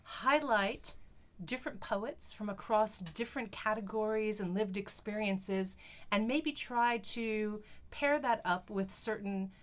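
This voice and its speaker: A woman with an Australian accent hosts a poetry podcast, speaking slowly in a medium-pitched voice. Thoughtful and enthusiastic, she has a casual conversation about poetry.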